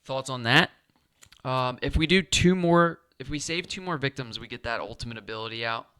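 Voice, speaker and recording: A man plays a board game live and talks himself through each turn, counting spaces and checking in with viewers. His voice is smooth and resonant, and it sits close and dry on the mic with no room sound. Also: medium pitch, moderate pace, bright, forceful tone, no echo. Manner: thinking aloud, asking viewers, counting moves. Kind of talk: casual solo game playthrough.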